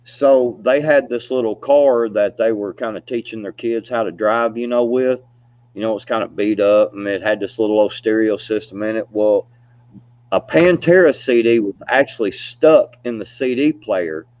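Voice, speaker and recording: Speaking at a moderate pace, a man with a lowish, darkish voice shares stories casually and loosely. He laughs often and uses "you know" as filler, heard through a dull, dry lo-fi recording.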